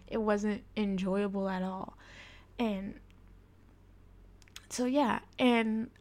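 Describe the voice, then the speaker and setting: A woman's voice: medium pitch, steady tone, drawn-out words, a little mellow. A young woman hosting a podcast, telling a personal story in a frank, confessional way and swearing freely. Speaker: podcast host.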